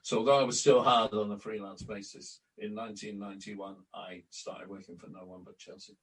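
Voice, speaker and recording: An older man sits a little back from the microphone, so his lowish voice sounds distant. He tells long anecdotes in a relaxed interview, acting out old conversations and restarting his sentences often. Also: brisk, slight background noise. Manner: anecdotal, acts out quoted exchanges, frequent restarts. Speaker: interview guest, former club announcer and editor. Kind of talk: storytelling in a relaxed podcast interview. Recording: distant from the mic.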